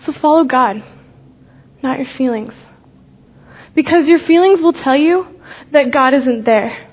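Young woman sharing her faith story, high voice, earnest, pauses a lot, kinda muffled sound. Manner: earnest, slow deliberate pauses, dropping soft on key words. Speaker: youth speaker giving a testimony. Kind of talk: personal faith testimony, devotional talk.

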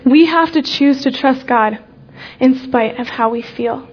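A young woman giving an earnest personal faith testimony, speaking slowly with deliberate pauses and letting key words drop soft. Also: high voice, lo-fi sound.

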